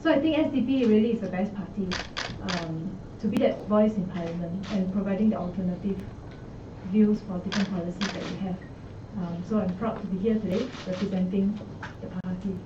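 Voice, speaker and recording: A woman's voice: mid-range voice, a little fast, noisy background. A woman with a Singaporean accent, an election candidate giving a short, earnest statement at a press conference, with many ums and restarts. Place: party office. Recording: echoey, muffled, from a distant mic.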